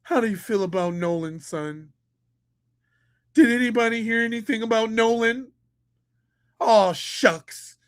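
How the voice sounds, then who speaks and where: A man doing a soft folksy concerned dad. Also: very high-pitched, unhurried, pauses often, clear, resonant tone, no room sound, studio quality. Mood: mock-tender. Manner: soft, drawling, mock-tender. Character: folksy middle-aged stepdad, gentle and concerned.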